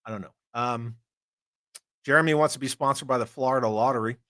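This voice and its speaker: A man's voice: medium pitch, brisk, sharp tone, no echo, studio quality. A man hosting a toy collecting live stream, chatting casually, joking and swearing while he reads comments. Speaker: army veteran.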